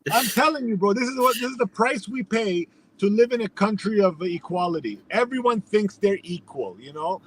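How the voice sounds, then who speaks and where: A man from Iran talks in a notably high voice. He tells his story as a heated, swearing rant in casual stream chat. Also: moderate pace, few pauses. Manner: animated ranting storyteller, swears a lot.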